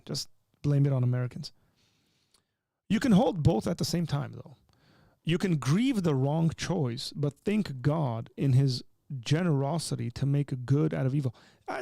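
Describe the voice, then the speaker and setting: A man hosting a live call-in stream. His voice is mellow and gravelly, and it sounds dry and close. He teaches and jokes in an animated way, pushing hard on the points he stresses. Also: a little high, no echo. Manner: animated and joking, teaching with rising emphasis. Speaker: livestream host. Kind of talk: live call-in show chat.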